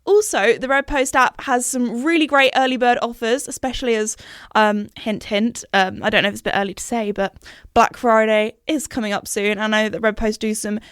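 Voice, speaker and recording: A woman's voice: fairly high pitch, fairly even intonation, fairly quick, a bit bright, smooth, no room sound, studio quality. A woman in her twenties hosting a podcast, telling rambling stories in casual, chatty talk. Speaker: podcast host. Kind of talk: casual chat.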